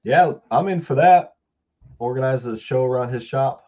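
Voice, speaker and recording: A man co-hosting a podcast talks in casual, rambling chat and often restarts his sentences. His voice sits in an ordinary middle pitch. The sound is slightly dull and lo-fi. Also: moderate pace, warm tone, slight background noise. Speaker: podcast co-host.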